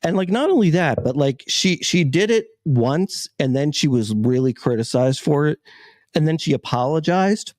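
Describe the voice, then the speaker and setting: A man's voice: on the high side, expressive, moderate pace, a little mellow, no echo. A man with a Pittsburgh accent co-hosting a podcast, arguing heatedly in casual chat and leaning on "like" and "you know". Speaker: podcast co-host.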